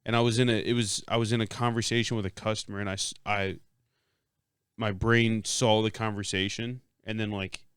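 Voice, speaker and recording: A man co-hosting a podcast in casual chat, recounting an experience in a halting way. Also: on the low side, level tone, fairly bright tone, clean tone, no echo, clean studio sound. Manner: halting, many fillers and restarts while recounting. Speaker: podcast co-host.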